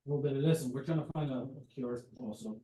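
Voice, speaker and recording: Male player, mellow tone, eager questions, echoey home room. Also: medium pitch, fairly quick. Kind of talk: casual game chat.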